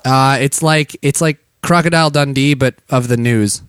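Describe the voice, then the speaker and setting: A young American man co-hosting a comedy talk show, teasing his guest in excitable, jokey banter. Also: medium pitch, normal speed, smooth, no echo, clean studio sound. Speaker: radio show co-host.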